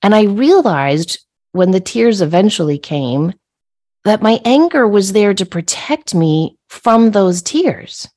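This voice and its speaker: A middle-aged woman hosting a podcast, telling a personal story in a conversational way. She is animated and laughs as she acts out her own yelling. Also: mid-range voice, takes it slowly. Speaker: podcast host.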